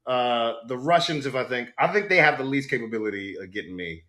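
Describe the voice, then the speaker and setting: A middle-aged man tells a story in a casual interview, his voice bright and forward. He throws himself into quotes, jumping high and low in pitch as he acts out each person. He is animated and loose. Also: a little fast. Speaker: actor guest.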